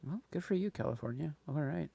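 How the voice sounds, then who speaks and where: A man co-hosting a casual podcast chat, joking and laughing often in quick bursts. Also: a little high, expressive, vocal fry, dark tone, slightly rough. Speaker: podcast co-host.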